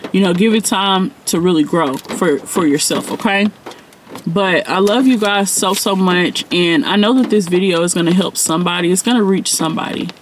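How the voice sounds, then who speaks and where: A man's voice: high voice, a bit bright, a little hiss or hum. A man who works as a spiritual mentor, talking casually and directly to his viewers in a loose, rambling, heartfelt way, with lots of slang and fillers. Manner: slangy, everyday speech. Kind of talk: casual direct-to-camera vlog talk.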